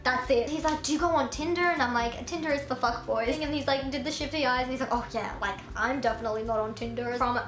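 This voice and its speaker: Chatty high-voiced woman. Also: fast, hardly any pauses, echoey room, a little hiss or hum. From Australia. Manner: chatty, animated, lots of "like". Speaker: YouTuber. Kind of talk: storytime vlog.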